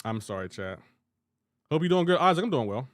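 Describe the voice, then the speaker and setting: A man's voice: on the high side, big pitch swings, fairly quick, dry recording, clean studio sound. A man from Delaware streaming a game, chatting casually, rambling and restarting his sentences as he answers chat. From Delaware, USA.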